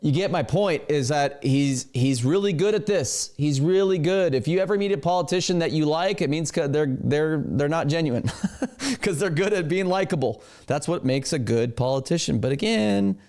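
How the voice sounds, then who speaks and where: A man hosting a reaction video in casual, animated commentary, often talking to his producer. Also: on the high side, normal speed.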